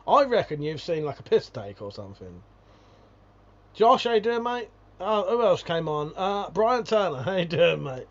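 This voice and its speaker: A man's voice: sits high, sing-song, moderate pace, muffled recording. Sweary British man ranting on a stream. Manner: profane, ranting, laughs often. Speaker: livestreamer. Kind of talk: casual livestream chat, reading viewer comments.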